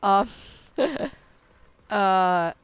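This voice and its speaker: A woman's voice: mid-range voice, fairly even intonation, extremely slow, clean tone, dry recording, dull audio. A young woman ranting casually and playfully, laughing often and filling her talk with "like" and "you know". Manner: playful, slightly profane. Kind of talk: casual rambling commentary.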